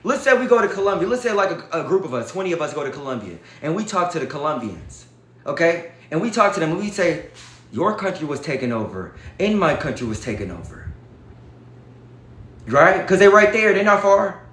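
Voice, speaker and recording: A man vlogs straight to camera, casual, emphatic and preachy, often addressing his viewers as y'all. He talks fast in a high, animated, slightly bright voice, with a roomy sound.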